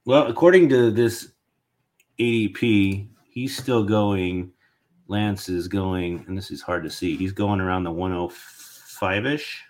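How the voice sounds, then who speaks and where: A man hosting a podcast, rambling and thinking out loud in a casual sports chat. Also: fairly low pitch, slow. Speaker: podcast host.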